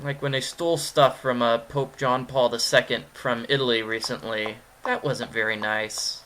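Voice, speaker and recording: A man's voice: mid-range voice, fairly even intonation, moderate pace, a bit bright. A man giving gameplay commentary, rambling and cracking goofy jokes. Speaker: let's player.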